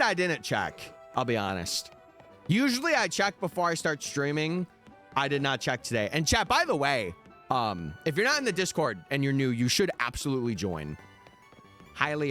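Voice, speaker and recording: With a bright, forceful tone in a mid-range voice, a young man chats casually on his live stream, replying to viewers' messages as faint music plays in the background.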